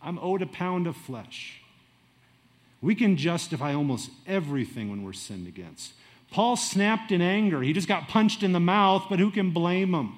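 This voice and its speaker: A middle-aged man preaching with a fairly high voice. His delivery is lively, rising loud and dropping quiet, and he acts out little asides as he goes. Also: moderate pace. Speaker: pastor. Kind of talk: sermon.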